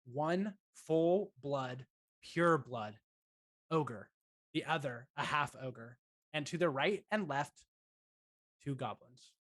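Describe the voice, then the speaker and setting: Male dungeon master, slightly high voice, relaxed and halting, dry close sound. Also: dry recording. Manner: relaxed, halting, many fillers and restarts. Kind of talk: running a tabletop game.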